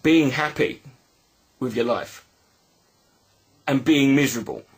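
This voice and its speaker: A man telling a personal story in a reflective video monologue, halting and earnest with many restarts. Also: medium pitch, creaky, breathy edge. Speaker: video blogger.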